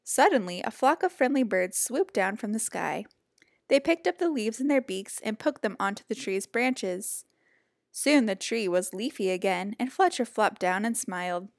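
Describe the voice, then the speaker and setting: A woman reading a children's picture book aloud in a gentle, expressive storytelling voice. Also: medium pitch, moderate pace, vocal fry, no room sound, clean studio sound.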